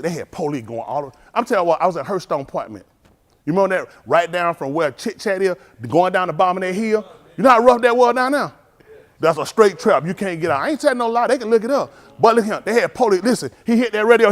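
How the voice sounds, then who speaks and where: Middle-aged male preacher, high lively voice, street storyteller who scolds his flock. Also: fast. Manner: animated storytelling, acts out dialogue, scolding the audience. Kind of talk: livestreamed sermon with street stories.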